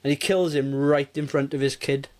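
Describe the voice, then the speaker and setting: A man co-hosting a casual movie review podcast, talking in an animated, rambling way and often interrupting himself. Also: mid-range voice, normal speed. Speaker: podcast co-host.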